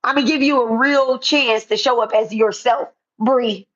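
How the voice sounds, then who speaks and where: A woman speaks straight to the camera in a confrontational callout vlog. She is blunt and repetitive, with casual swearing, in a voice set a little high. The sound is dull and lo-fi. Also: fairly even intonation, unhurried. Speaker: spiritual content creator.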